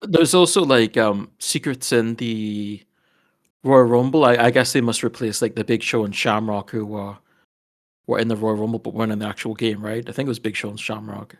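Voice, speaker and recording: A man's voice: lowish voice, steady tone, moderate pace. Man with short, agreeable interjections. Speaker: podcast co-host. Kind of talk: casual chat.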